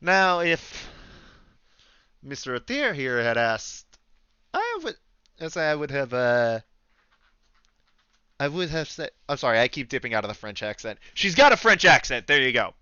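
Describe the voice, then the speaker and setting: A man's voice: medium pitch, sing-song, measured pace, long pauses, bright, forceful tone, clean tone, dry recording, dull audio. A man voicing a haughty young woman, the niece of a powerful druid, with an aloof, dry French accent.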